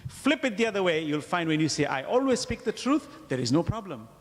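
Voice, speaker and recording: A man giving a religious lecture to a congregation, asking rhetorical questions and pausing for emphasis. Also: sits high, big-room sound. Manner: animated, wide-ranging delivery. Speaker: Islamic lecturer.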